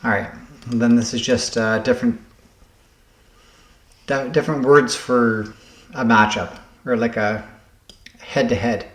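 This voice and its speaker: A man thinking aloud as he solves word puzzles, halting and correcting himself as he goes. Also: medium pitch, steady tone, reverberant. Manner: muttering, halting, self-correcting. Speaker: puzzle game vlogger.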